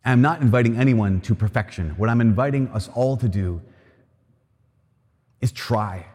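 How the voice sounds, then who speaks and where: A man's voice: mid-range voice, moderate pace, darkish tone, husky. A man preaching a sermon, telling a story and then making an earnest appeal with emphatic repetition. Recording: long reverb of a large hall.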